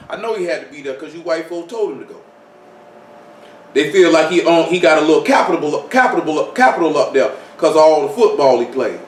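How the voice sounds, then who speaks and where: A man with a slightly high voice preaches an informal sermon, speaking conversationally and leaning on rhetorical questions and repeated phrases. There's a faint hiss or hum, and the room is echoey with the mic placed far away.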